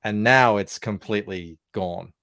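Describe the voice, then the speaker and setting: A man with an Australian accent who chats casually and tells lively anecdotes. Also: fairly low pitch, measured pace. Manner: storytelling, animated anecdotes. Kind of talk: casual chat.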